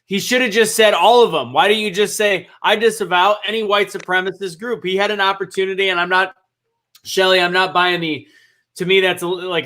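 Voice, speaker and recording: A man co-hosting a heated political discussion, speaking with frustration and halting restarts. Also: sits high, bright, forceful tone.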